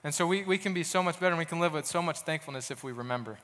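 An earnest young man delivers a sermon in a relaxed, conversational way, racing along and slipping into personal stories with frequent restarts. His voice sits a little higher than most men's, and a long hall reverb trails behind his words.

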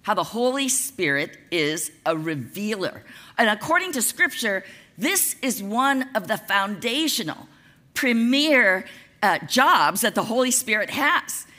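Lively, bright-voiced woman preaching. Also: medium pitch, unhurried. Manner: conversational, lively preaching with casual asides. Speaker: pastor. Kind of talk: sermon.

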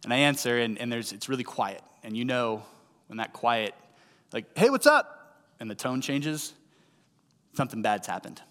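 A man's voice: medium pitch, moderate pace, pauses often, a bit bright. A man in his thirties from St. Louis preaching a sermon, telling a personal story in a conversational way with rising emphasis on key lines. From St. Louis, USA. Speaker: pastor. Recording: hall with long reverb.

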